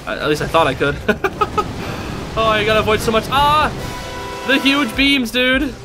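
An excitable young man calls out his moves while gaming, his voice sitting high and swinging widely as he yelps through the tense moments. Game music plays clearly behind him. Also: a little slow. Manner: excitable, yelps and laughs under pressure; casual slang, says dude and bro. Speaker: gaming channel host. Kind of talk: live gameplay commentary.

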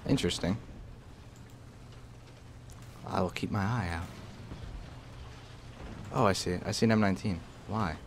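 Deep-voiced young man calling his game. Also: a little fast. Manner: excitable, profane, bursts into shouts. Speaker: gaming channel host. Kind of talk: casual gameplay commentary. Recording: faint game noise behind. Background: game artillery and battle noise.

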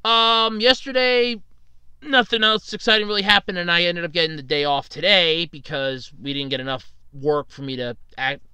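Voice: mid-range voice, normal speed, smooth, dry recording. A podcast host telling rambling everyday stories in a casual solo chat, acting out what people said. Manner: rambling, animated anecdotes with acted-out quotes and laughs.

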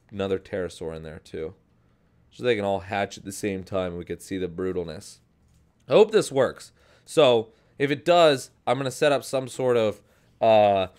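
A man's voice: fairly low pitch, smooth. A young man casually narrating his own gameplay as a video host, rambling upbeat and often correcting himself. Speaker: gaming channel host. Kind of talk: casual Minecraft let's play commentary.

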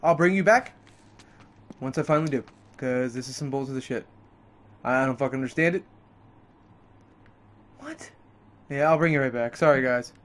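A man playing a video game and commenting on it, frustrated and swearing a lot, his voice jumping up when he snaps. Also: a little fast. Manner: frustrated, heavy swearing, pitch jumps up in outbursts. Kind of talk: let's play commentary.

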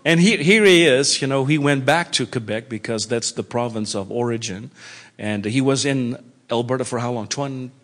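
A man's voice: mid-range voice, moderate pace, fairly bright tone, in a large hall. A man, a minister, giving an informal introduction to a guest speaker at a church meeting, in an easygoing way.

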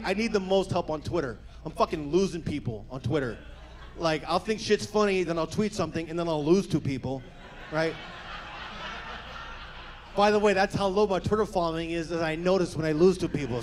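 A male stand-up comedian with a slightly high voice performs for a live audience, his delivery energetic and profane. He slips into quick character voices, and there's a bit of hiss or hum in the audio.

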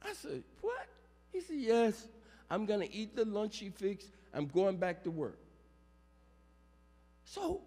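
A male pastor preaching a funeral sermon, calling out to the congregation for amens and building up to shouts. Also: high voice. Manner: call-and-response preaching, rising to shouts. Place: large church sanctuary. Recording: long church reverb.

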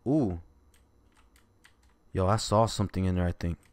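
A young man commenting on a horror game as he plays, joking and reacting, dropping to mutters and jumping to yells. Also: low voice, normal speed. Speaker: gaming YouTuber. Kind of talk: let's play commentary.

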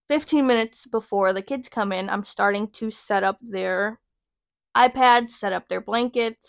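A young woman in her twenties hosting a podcast, telling a work story in a sassy, profane, animated way. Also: medium pitch, vocal fry, no echo, clean studio sound. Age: young adult. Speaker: podcast host. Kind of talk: casual storytelling rant.

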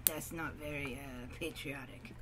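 A woman's voice: low-pitched, steady tone, a little slow, very noisy. A woman reading out chat messages and teasing friends in a casual chat. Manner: giggly, playful teasing.

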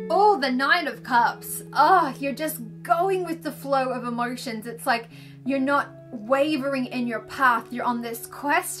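A woman reads tarot and angel cards on a livestream, gushing and chatty with plenty of fillers. Her voice sits high with a fairly bright tone, and she's indoors under filming lights.

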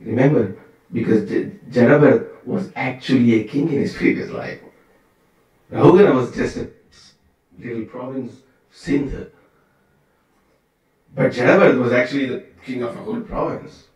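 A man's voice: mid-range voice, moderate pace, long pauses, a little mellow. A man giving a conversational scripture class at a temple, full of rhetorical questions and asides. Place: temple hall. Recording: very echoey room, from far off.

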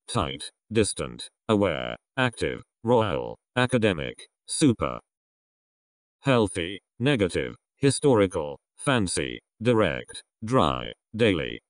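Slow deep man reading words. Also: dry recording, clean studio sound. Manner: slow, deliberate word-by-word reading with lively pitch. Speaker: vocabulary reader. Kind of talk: reading a word list.

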